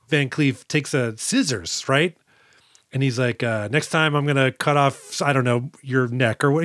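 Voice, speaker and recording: A man co-hosting a podcast, recapping an action movie in casual chat and slipping into quick mock voices. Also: medium pitch, fairly bright tone, dry recording, clean studio sound. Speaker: podcast co-host.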